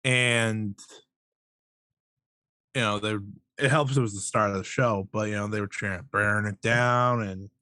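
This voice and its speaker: Male podcast co-host, unhurried delivery, dry close sound. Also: fairly low pitch, steady tone, pushed and bright, no room sound. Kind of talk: casual wrestling podcast chat.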